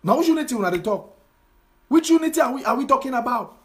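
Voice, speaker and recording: A political commentator, a man with a Cameroonian Pidgin English accent, speaks at an extremely high pitch, quick and animated. In an impassioned social media monologue, he scolds his audience with rhetorical question after rhetorical question.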